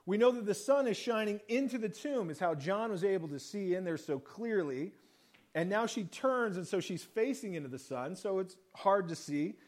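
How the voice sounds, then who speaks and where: Male pastor, high pitch, casual sermon delivery that acts out the quotes. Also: expressive, moderate pace, darkish tone. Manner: conversational preaching, acts out quoted lines.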